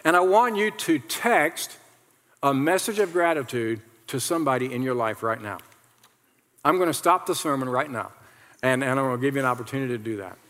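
A male pastor preaching a lively sermon, repeating lines and leading the congregation in call-and-response. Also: medium pitch, brisk. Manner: animated, repetitive, leads the congregation in call-and-response. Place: large church hall with congregation. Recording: long hall reverb.

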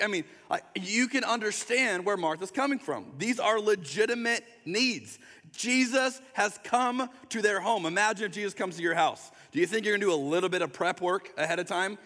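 A pastor delivers a sermon in a relaxed, conversational way, often slipping into quick acted-out voices. His voice is bright and fairly high for a man. It echoes with the long reverb of a large hall. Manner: conversational, acts out quick voices, drops to soft tender tones.

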